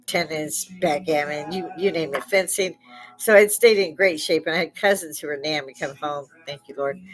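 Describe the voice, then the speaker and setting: Older woman, host, salty storyteller, laughs a lot, slightly low voice, faint music behind. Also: rough recording. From Chicago. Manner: salty, laughs often, swears freely. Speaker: live-stream host. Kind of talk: casual storytelling chat.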